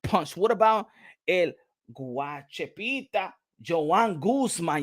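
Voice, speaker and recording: Boxing host, male, Dominican accent, rowdy and joking, bright and forceful voice. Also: high voice, expressive, normal speed, no room sound, clean studio sound. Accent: Dominican Spanish. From Dominican Republic. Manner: playful, loud, switches between English and Spanish, laughs often. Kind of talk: casual live-stream chat.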